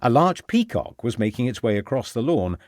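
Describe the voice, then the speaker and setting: A man narrating a mystery audiobook in a measured, expressive way. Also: mid-range voice, no room sound.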